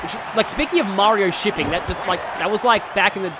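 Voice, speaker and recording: A game streamer giving excitable live commentary, often yelling at the game and wandering into chatty asides with lots of fillers. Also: mid-range voice, fast talker. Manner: excitable, talks to the game, yells at big moments; rambling asides with many fillers. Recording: game music playing loud under the voice. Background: game music.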